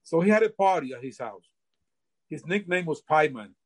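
A man's voice: a little high, expressive, moderate pace. An older man from Queens telling a personal story in casual, rambling talk, often repeating words as he remembers and acting out the dialogue. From Queens, New York. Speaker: guest storyteller.

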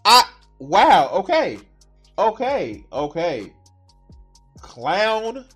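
High-voiced man ranting while streaming. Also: big pitch swings, drawn-out words, fairly bright tone, breathy edge, faint music behind. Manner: heated, swearing rants and mocking asides. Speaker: streamer reacting to a video. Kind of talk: casual profane reaction commentary.

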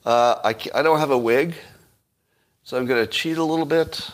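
A man's voice: medium pitch, moderate pace. Sarcastic man commenting on the news. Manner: sarcastic, rhetorical questions, dry asides. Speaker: political commentator. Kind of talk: casual livestream commentary.

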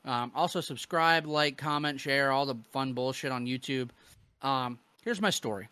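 A man's voice: medium pitch, normal speed, bright, forceful tone, clean tone, dry recording. A man hosting a wrestling podcast, chatting loosely with fillers, swearing and bursts of laughter. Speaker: podcast host. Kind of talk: casual podcast chat.

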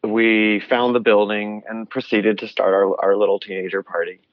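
A man tells a story from his teenage years in a casual, halting way, full of little fillers. The audio is dull and lo-fi. It sits dry, with no room sound. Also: fairly low pitch, little pitch movement, no echo. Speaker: interviewee recounting a story. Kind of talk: recorded storytelling interview.

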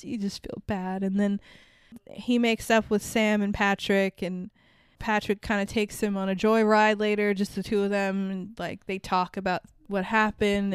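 A woman co-hosts a casual movie-review podcast in a clear, resonant, mid-range voice, recorded in clean studio sound with no echo. She swears freely, laughs often and acts out the characters' lines.

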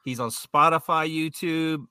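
A Texan man co-hosts a casual podcast in an easygoing, rambling way, full of hesitant fillers. His voice is bright and the sound is dry and close. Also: a little high, steady tone, unhurried, smooth, no echo. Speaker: podcast co-host. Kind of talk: casual interview chat.

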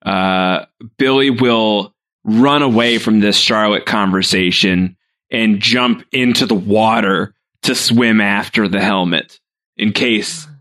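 A man playing a tabletop role-playing game who jokes in a deadpan way. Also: on the low side, slow. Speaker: player.

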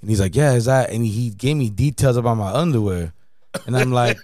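Fast-talking man telling a slangy story. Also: mid-range voice, a little mellow, dry recording, clean studio sound. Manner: slangy, profane, constant "you know what I mean". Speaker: podcast co-host. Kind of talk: casual storytelling chat.

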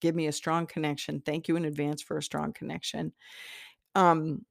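A woman's voice: low-pitched, level tone, moderate pace, creaky, dry recording, studio quality. A middle-aged woman talking in a chatty teaching style, laughing often and restarting her sentences. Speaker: spiritual teacher. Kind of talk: casual teaching talk.

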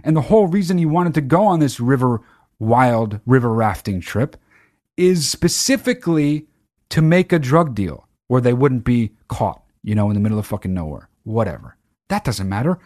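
A man talks straight to his viewers in a loose, profane monologue, breaking into sudden loud outbursts as he gets worked up. His voice sits at an ordinary middle pitch. The recording is dry, with no room sound. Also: lively intonation, moderate pace, dry recording. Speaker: channel host.

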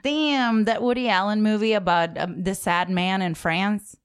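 A woman's voice: mid-range voice, steady tone, a little slow, clear, resonant tone. A woman co-hosting a podcast in casual chat, rambling, swearing freely and laughing often. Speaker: podcast co-host.

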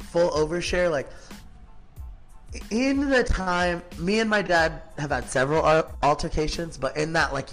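A man's voice: on the high side, fairly bright tone. A man in his thirties, a podcast guest telling his story in a blunt, profane, casual way, full of filler words. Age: 30s.

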